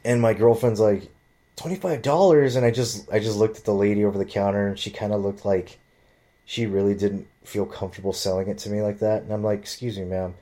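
A man's voice: on the low side, quick pace. A man casually telling a long personal story, rambling and swearing freely, acting out what others said. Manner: rambling, profane, animated quoting of others.

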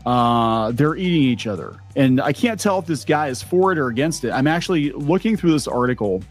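A middle-aged man hosts a casual commentary show in a voice people call cartoonish, sitting at an ordinary middle pitch. He rambles along in a chatty way, padding his points with fillers and restarts. Faint music plays softly behind him. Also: expressive, a little fast. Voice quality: cartoonish-sounding voice. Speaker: video commentary host.

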